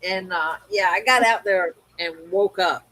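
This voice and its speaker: A woman's voice: fairly low pitch, measured pace, bright, forceful tone, rough recording. A woman from Maryland co-hosting a livestream, telling stories in casual chat and laughing often. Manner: chatty storyteller, laughs often. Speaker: livestream co-host.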